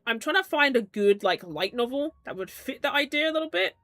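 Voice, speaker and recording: A woman's voice: high-pitched, lively intonation, fast, few pauses, a bit bright, no room sound, faint music behind. A woman streamer reading game text aloud and chatting with viewers in a rambling way, with lots of "like". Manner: chatty, peppered with "like", giggly asides.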